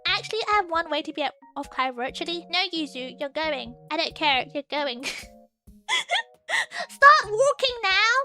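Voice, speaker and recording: A woman chatting casually with her live chat as a streamer host, giggly and excitable, laughing often as she talks. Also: extremely high pitch, a little slow, faint music behind.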